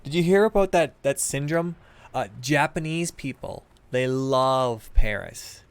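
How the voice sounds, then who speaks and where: A man's voice: medium pitch, expressive, a little slow, clean tone. A man with a Midwestern American accent, chatting casually with viewers while streaming a game, rambling and swearing freely. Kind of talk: casual live-stream chat.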